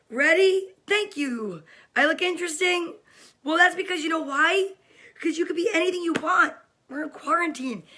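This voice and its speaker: Bright, slow-talking woman livestreaming. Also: sits high. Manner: upbeat and chatty, greets viewers by name. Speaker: host of a daily kids' livestream. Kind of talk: casual livestream chat to viewers. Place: home room during quarantine.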